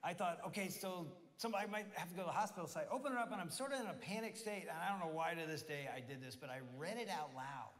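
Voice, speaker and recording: A man preaching in a church, telling personal stories in a lively, good-humored way. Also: sits high, quick pace, few pauses. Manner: lively storyteller, laughing at his own anecdotes. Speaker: pastor. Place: church auditorium. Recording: long hall reverb in church.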